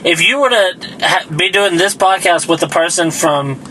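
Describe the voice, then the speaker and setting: Young man, rural Southern accent, high and bright voice, joking and swearing, faint noise behind. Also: moderate pace, low-quality recording. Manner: joking, profane, acts out quotes. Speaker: podcast co-host. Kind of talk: casual chat.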